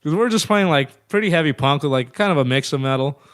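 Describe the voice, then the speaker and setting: A man's voice: a little high, expressive, quick pace, fairly bright tone, smooth, no room sound, clean studio sound. A man in his thirties telling band stories in a casual, profane, rambling way as an interview guest. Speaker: guest musician.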